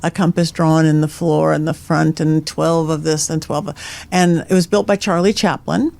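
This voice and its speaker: Deep-voiced and slightly dark in tone, a middle-aged woman tells ghost stories as a psychic medium guest on a podcast. Her intonation stays fairly even at a moderate pace, with vocal fry, yet she's animated and laughs at her own lines.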